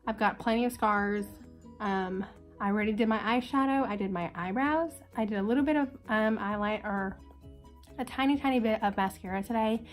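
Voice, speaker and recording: A young female beauty vlogger talks casually and upbeat through a makeup tutorial, her voice congested and sick. Her pitch is medium, her speed normal, and faint music plays in the background.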